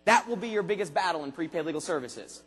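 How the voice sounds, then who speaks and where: A man giving an energetic convention speech, firing punchy questions at the audience and sometimes bursting into shouts. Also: on the high side, breathy edge. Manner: rapid-fire questions to the audience, punchy and emphatic. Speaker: motivational speaker at a sales convention. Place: large convention hall. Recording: long hall reverb.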